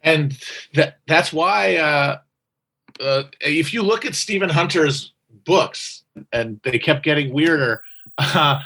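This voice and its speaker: A man co-hosting a podcast, giving halting political analysis full of "uh" fillers and restarts. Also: on the high side, sharp tone. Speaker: podcast co-host. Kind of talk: casual political commentary.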